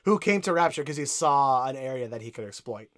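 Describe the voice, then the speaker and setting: Man, casual game chat, rambling, lots of fillers, mid-pitched voice. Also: expressive, a little fast, a bit bright. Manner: rambling, full of fillers and asides. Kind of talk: casual video game discussion.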